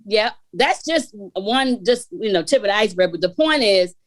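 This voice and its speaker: A woman co-host in a casual panel chat, telling a story in an animated way and acting out the voices she quotes. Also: mid-range voice, moderate pace, no room sound.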